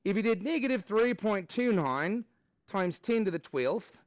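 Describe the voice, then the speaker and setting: High-voiced upbeat math teacher. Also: male voice, lively intonation, a little slow, dry recording. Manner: upbeat, counts steps aloud, thinks aloud while working. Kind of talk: live class review lesson.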